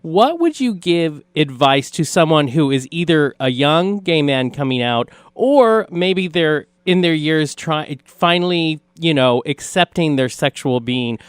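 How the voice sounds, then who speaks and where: A man's voice: fairly high pitch, lively intonation, a little slow, hardly any pauses, smooth, no echo. Man, interview host, affirming, long questions, dry close mic. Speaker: podcast host.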